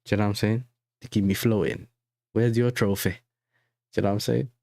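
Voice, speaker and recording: A man's voice: fairly low pitch, little pitch movement, quick pace, vocal fry, mellow, no room sound. A young man hosting a casual football livestream, chatty and full of slang, often asking "you know what I'm saying". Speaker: football fan channel host. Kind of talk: casual livestream reaction chat.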